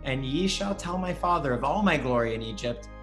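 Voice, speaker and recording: A man reading old scripture aloud in a measured, deliberate way, then trading jokes in casual chat as a podcast co-host. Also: medium pitch, expressive, a bit bright, faint music behind.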